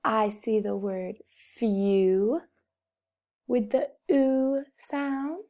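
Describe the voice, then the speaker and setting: A woman's voice: fairly high pitch, steady tone, very slow, warm tone. A woman teaching a phonics lesson to young children, carefully sounding out and repeating each word. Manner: over-enunciates words and repeats them, speaks to children. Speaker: first-grade teacher.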